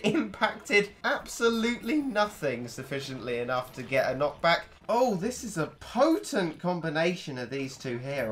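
A man talking through a video game as he plays, with a voice that swings up and down in animated bursts. He thinks aloud in a chatty, rambling way and throws in playful exclamations. His pitch sits in the middle of the usual range for a man. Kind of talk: gameplay commentary.

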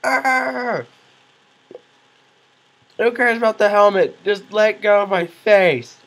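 A man doing goofy, excitable let's play commentary, yelling reactions and cracking self-mocking jokes. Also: high voice, slow, poor audio. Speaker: gaming commentator.

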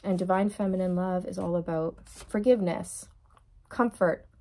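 Speaking straight to viewers, this tarot reader keeps things chatty and casual, often breaking into giggles and laughter. She has a lowish, dark voice with a steady tone and moderate pace.

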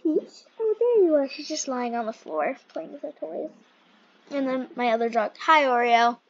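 A woman's voice: sits high, sing-song, normal speed, muffled recording. A woman hosting casual game commentary at home, chatty and rambling as she plays. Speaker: gaming channel host.

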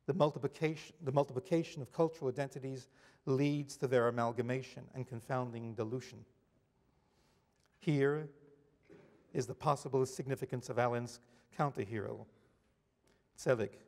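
A middle-aged man delivers a formal university lecture in a steady, measured reading voice, with a gravelly edge. He stumbles and corrects himself now and then. His voice rings out with the long reverb of a large lecture hall. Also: medium pitch. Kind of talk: academic lecture read from notes.

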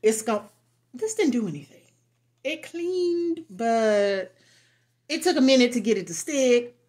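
Slow-talking blunt woman vlogger. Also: on the high side, lively intonation, a little mellow. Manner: blunt and frank, cusses freely, laughs often. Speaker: beauty and lifestyle vlogger. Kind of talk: casual product review chat.

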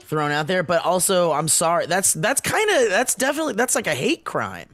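Lively, hesitant male co-host. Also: high-pitched, brisk, no echo. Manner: hesitant, careful phrasing. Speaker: podcast co-host. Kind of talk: casual chat.

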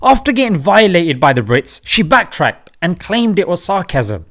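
A young man hosts a satirical commentary vlog in a high voice. His pitch leaps up and down as he mocks, jokes and drops emphatic asides. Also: big pitch swings, normal speed. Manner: mocking, jokey, with emphatic asides. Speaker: channel host.

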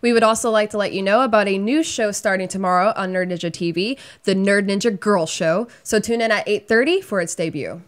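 A woman's voice: medium pitch, fairly quick, few pauses. A woman co-hosting a horror movie show, chatting casually with dry, wry remarks. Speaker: co-host. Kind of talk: casual movie review chat.

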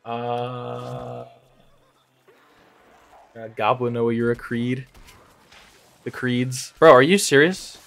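A man's voice: medium pitch, fairly even intonation, drawn-out words, gravelly, long pauses, fairly bright tone. A young man streaming a game live, chatting casually and rambling, calling everyone "bro". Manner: rambling, slangy, says "bro" constantly, laughs often. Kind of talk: casual live gameplay chat.

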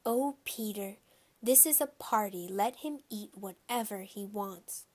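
A brisk, fussing mother from a children's audiobook, voiced by a woman reader. She talks in a soothing, practical manner, only a touch above the narrator's own voice. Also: medium pitch, darkish tone, natural voice. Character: busy, fussing mother at a toddler party.

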